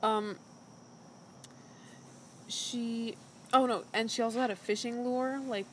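Chatty high-voiced woman telling a story. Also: steady tone, slow pace, a little hiss or hum, rough recording. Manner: chatty storyteller, heavy "like" fillers. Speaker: podcast co-host. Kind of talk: casual chat, recapping a show.

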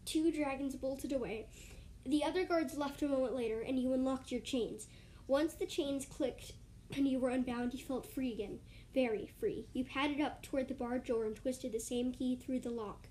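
A woman's voice: sits high, dark tone, slight background noise. A woman casually reading aloud a second-person fan story, now and then restarting or correcting her lines.

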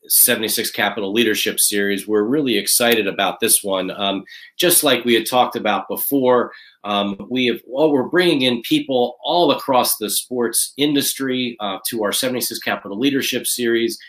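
A man's voice: lowish voice, fairly bright tone. A man hosting a live online interview series, talking in a rambling, repetitive, upbeat way as he fills time and promotes upcoming guests. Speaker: host of a leadership interview series.

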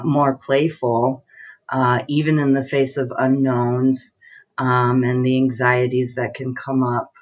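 A man co-hosting a spiritual podcast, speaking calmly and meditatively, halting with many fillers. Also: medium pitch, muffled recording. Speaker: podcast co-host.

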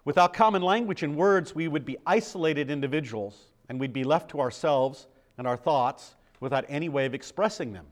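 A man's voice: on the high side, fairly quick. An older American man preaching a sermon in a conversational way, asking the congregation questions. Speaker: pastor.

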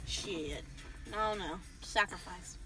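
A woman's voice: fairly low pitch, slow pace, sharp tone, far from the mic, soft background music, low-quality recording. A woman in a casual chat in a car, talking hesitantly and trailing off, with a good deal of slang.

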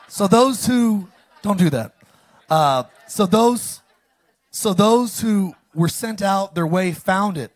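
A pastor preaches a sermon in a high-pitched voice, reading scripture and calling on the congregation to repeat after him. His call-and-response delivery is animated, broken by sudden loud bursts.

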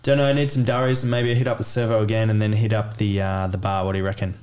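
A man's voice: on the low side, little pitch movement, fast talker, a little mellow, natural voice. A man with an Australian accent, playing a laid-back Australian bloke in slangy banter. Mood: casual.

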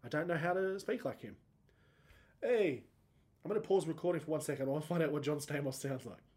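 A man's voice: on the high side, fairly quick, darkish tone. Rambling man in his thirties. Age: 30s. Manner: rambling, self-mocking, voice cracks upward when emoting. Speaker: podcast host. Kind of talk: solo podcast monologue.

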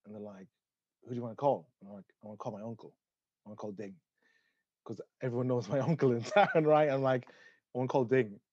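A young man with an Irish accent tells a long personal story, animated, swearing, and laughing often. His voice is mid-pitched. The recording is dry and somewhat muffled. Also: fast, pauses often, breathy edge, no room sound. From Ireland. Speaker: guest telling a story. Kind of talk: casual storytelling.

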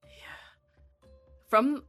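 A woman playing a tabletop role-playing game, speaking hesitantly with restarts and quiet trailing phrases. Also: extremely slow, soft background music. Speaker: player.

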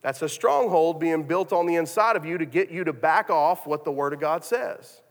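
This pastor's voice sits on the high side at a normal speed. Delivering his sermon, he tells a story marked by frequent restarts and repeated words, all in a long, echoing hall.

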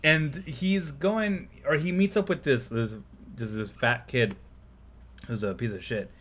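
A man's voice: mid-range voice, a little slow, fairly bright tone. A man co-hosting a podcast, casually retelling a film scene by scene and laughing often. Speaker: podcast co-host. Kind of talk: casual chat recapping a film.

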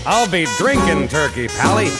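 A man's voice: on the high side, big pitch swings, normal speed. A man playing a boozy, cheeky lounge crooner with a lazy drawl in a comedy song parody. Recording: produced bit with loud music.

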